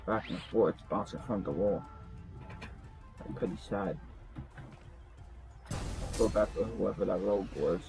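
A young man casually commenting on his own gameplay in slang, excitable and quick to yelp in surprise. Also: on the low side, gravelly, faint music behind. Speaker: gaming streamer.

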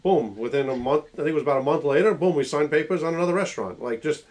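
Fast-talking, energetic male host. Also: fairly high pitch. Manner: energetic, enthusiastic storyteller. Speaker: host, realtor. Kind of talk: casual chat.

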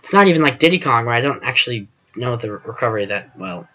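Bright-voiced man rambling over gameplay. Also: medium pitch, lively intonation, fast, dull audio. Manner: rambling, chatty, self-deprecating, trails off with fillers. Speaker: gaming channel host. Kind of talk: casual gameplay commentary.

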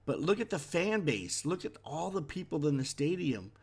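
A man's voice: on the high side, very animated, normal speed, vocal fry, breathy edge. A man chatting casually as he reacts to a concert video, wondering aloud and easily impressed.

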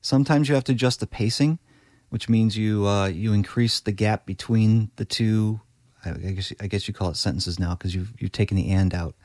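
Guest, male, low-pitched, practical explainer, dry close sound. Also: normal speed, a little mellow, no room sound. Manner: practical, explanatory, with frequent restarts. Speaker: guest podcast editor. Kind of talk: conversational interview.

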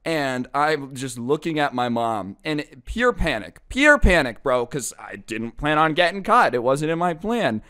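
A man's voice: a little high, expressive, unhurried, few pauses, a bit bright. A young adult man telling a personal story in a casual, slangy way, acting out the other people in it. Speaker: vlogger.

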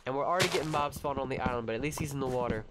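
A young man hosting a let's-play, chatting excitedly with his viewers and his pet, cursing when startled. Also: medium pitch, very fast, very noisy. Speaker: gaming channel host. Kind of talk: casual let's-play commentary.

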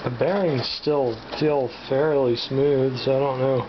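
A man talks half to himself as he works, tossing out dry, self-mocking asides. The recording is dull and lo-fi. Loud mechanical clatter runs underneath his voice. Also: medium pitch, fairly even intonation, a little slow, background noise. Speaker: video maker tinkering with hardware. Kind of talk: casual running commentary while working.

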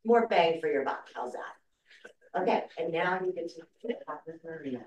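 A lower-voiced woman speaks briefly and encouragingly as she hands over a training session. The sound is dull and echoey, and she is far from the mic. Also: lively intonation, unhurried, a little mellow, slight background noise. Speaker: presenter handing over the session.

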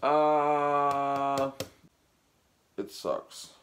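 A man's voice: mid-range voice, drawn-out words, roomy sound, background noise. A man playing every member of a one-man band in a comedy sketch, bickering with himself. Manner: switching between bandmate characters, bickering.

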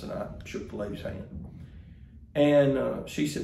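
A pastor delivers a sermon in a folksy, conversational way. His voice is deeply gravelly and fry-laden, and it rings around an echoey sanctuary over faint ambience. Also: measured pace, mellow, slight background noise. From Mississippi, US.

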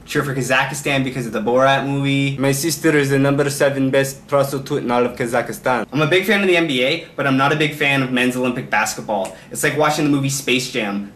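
Young male comedy vlogger from Canada firing off one-liners at a mid pitch, faint background hiss. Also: a bit bright. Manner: quick joking one-liners. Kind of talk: comedy vlog monologue. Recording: roomy echo, distant mic, faint noise.

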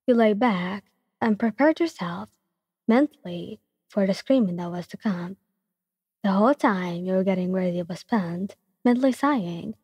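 Breathy young woman narrating a story. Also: mid-range voice, a little mellow. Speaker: fanfiction reader. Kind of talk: second-person ASMR story narration. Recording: long reverb.

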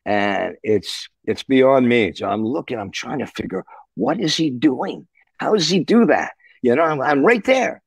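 An older man from Canada, a musician, telling animated, salty stories in an interview and acting out the voices. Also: medium pitch, measured pace, gravelly, slightly rough, no room sound. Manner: animated, swears, acts out voices. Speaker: musician guest.

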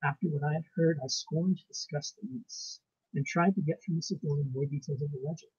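Husky man reading a ghost story. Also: fairly high pitch, darkish tone. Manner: measured, formal storytelling. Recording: dull lo-fi recording.

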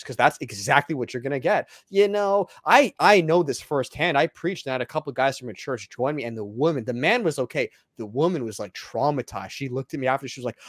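Man, young adult, evangelist guest, blunt, emphatic, preachy, mid pitch, dry close sound. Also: dry recording. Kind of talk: casual interview talk.

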